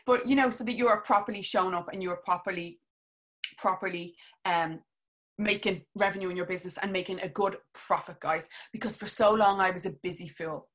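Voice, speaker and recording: A chatty woman speaks to her viewers on a live stream as a business coach. She talks in a casual, animated way, rambling, restarting her sentences and laughing often. Her voice sits at an ordinary middle pitch for a woman. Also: brisk.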